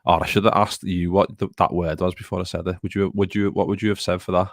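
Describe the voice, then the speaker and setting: A man's voice: low voice, flat delivery, fast talker, creaky, no echo, clean studio sound. A man co-hosting a live football podcast, chatting casually and rambling as he reads out viewer comments. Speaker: podcast co-host.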